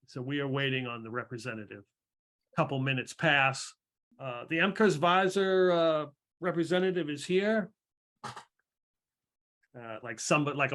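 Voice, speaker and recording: A man's voice: medium pitch, fairly bright tone. A young man acting as game master, narrating a tabletop game in a meandering way with many fillers.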